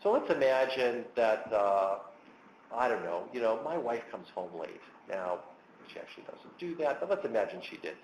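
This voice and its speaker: An animated man lecturing, his pitch swinging widely as he acts out heated remarks. The sound is roomy and echoey, with faint background noise. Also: normal speed, muffled recording. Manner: animated, acts out angry quotes. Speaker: clinical psychologist lecturer. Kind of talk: educational webinar lecture.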